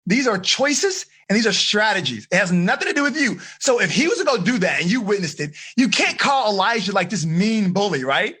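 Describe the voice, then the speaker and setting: A middle-aged man, a teen life coach, teaching a live online seminar in an energetic, questioning way. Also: sits high, breathy edge. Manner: energetic, asks questions, coaxing.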